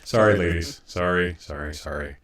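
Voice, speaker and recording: A man's voice: low-pitched, moderate pace, a bit bright, echoey room, recorded from a distance. A man from French Canada co-hosting a podcast, trading crude jokes in casual banter. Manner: joking, crude. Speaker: podcast co-host.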